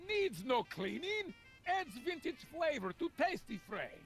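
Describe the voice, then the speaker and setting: A man voicing a jittery shopkeeper faking a Russian manner, speaking broken English with a high, gravelly voice. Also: very animated, measured pace, fairly bright tone, faint music behind, heavily acted. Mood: gruff. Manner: broken English, drops articles.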